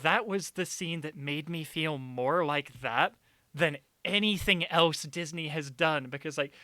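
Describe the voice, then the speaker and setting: A man's voice: on the high side, unhurried, dry recording, studio quality. A young man on a stream, ranting about a film in casual chat, sarcastic and swearing often. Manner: animated, sarcastic, swears a lot. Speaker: streamer, co-host.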